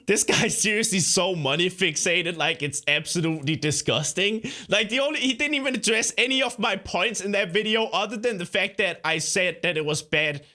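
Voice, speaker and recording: A man's voice: sits high, expressive, normal speed, few pauses, bright, forceful tone. A young man hosting a reaction video, talking back at a clip in an indignant, sarcastic way. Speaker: YouTuber host. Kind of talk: reaction commentary.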